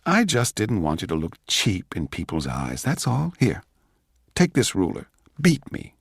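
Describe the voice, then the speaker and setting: A man's voice: on the low side, wildly swooping pitch, a little slow, gravelly, breathy edge, no room sound, clean studio sound, exaggerated voice. A man voicing a crude, petulant young composer with a foul-mouthed, boastful manner. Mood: contrite.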